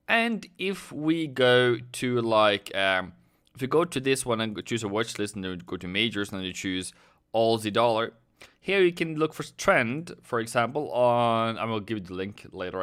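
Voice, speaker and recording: A man's voice: mid-range voice, a bit bright. Chatty man streaming live trades. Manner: chatty, rambling, talks to viewers by name. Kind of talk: casual live-stream commentary.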